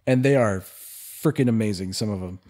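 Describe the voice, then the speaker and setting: A man's voice: fairly low pitch, moderate pace, a little mellow. A young man from California co-hosting a podcast, chatting casually, rambling through stories and laughing often. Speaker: podcast co-host. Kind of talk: casual chat.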